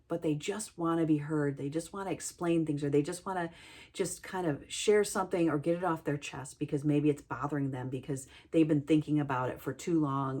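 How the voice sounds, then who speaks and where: A woman's voice: deep voice, a little mellow. A middle-aged woman, a healthcare worker, giving an earnest, heartfelt reflective talk about listening.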